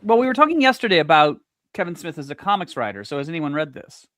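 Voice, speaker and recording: A man chatting as a guest on a comics podcast panel, quick to agree and to add jokes. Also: a little high, no echo. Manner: animated, quick, many affirmations. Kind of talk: casual panel chat.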